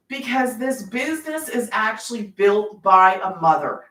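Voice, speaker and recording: A woman's voice: on the high side, measured pace, a bit bright, distant mic. A middle-aged woman hosting a casual livestream about her online business, talking in a rambling, emphatic way. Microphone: phone. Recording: roomy sound, off-mic.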